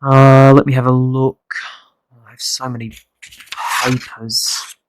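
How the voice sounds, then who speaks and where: An actor playing an ordinary man who answers a clerk's questions in a scripted listening-test dialogue, cooperative and pausing to find answers. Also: mid-range voice, flat delivery, no room sound, close to an everyday voice. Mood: matter-of-fact. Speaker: customer giving shipping details.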